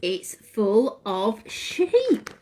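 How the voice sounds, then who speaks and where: A woman leading a children's session, reading a picture book aloud in an animated, sing-song way and asking the children questions. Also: medium pitch, extremely slow. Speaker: children's class leader. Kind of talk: reading a story to young children.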